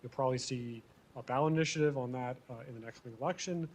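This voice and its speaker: A real estate attorney presenting survey results to a conference audience, conversational and self-deprecating with frequent ums. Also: male voice, mid-range voice, fast talker, slight background noise. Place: conference venue, speaking to an audience.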